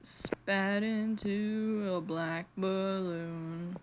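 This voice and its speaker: A woman's voice: medium pitch, level tone, extremely slow, dull audio, noisy background. A woman hosting a casual read-through of a manga with her own reactions. She sounds weary and deflated, rambles, swears a lot and often stumbles over words. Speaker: channel host reading a manga aloud.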